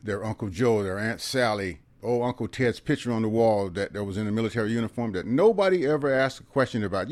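Older man, low voice, dry sound. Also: no room sound. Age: 70s. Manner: earnest, repeatedly drops into quiet asides and tags "okay?". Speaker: military veteran guest. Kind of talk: personal storytelling in an interview.

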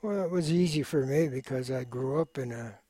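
A man's voice: medium pitch, mellow, husky, no room sound. Older man, war veteran, hesitant and reflective, dry sound. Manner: measured, reflective, hesitant with fillers. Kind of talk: oral history interview.

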